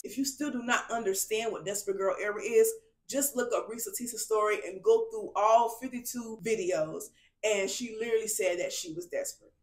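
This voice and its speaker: A young adult woman talks through her own podcast in a candid, confiding monologue. She leans on emphatic asides and keeps checking in with her listeners. Her middle-pitched voice rings in a roomy, echoing space. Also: a bit bright. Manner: emphatic, confiding, peppered with "okay?" and "y'all". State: tearful at moments. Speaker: podcast host. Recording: roomy echo.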